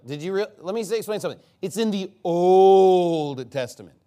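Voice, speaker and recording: A man preaching an expository sermon, animated and mocking, reading scripture aloud and breaking into impressions. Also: high voice, rapid-fire.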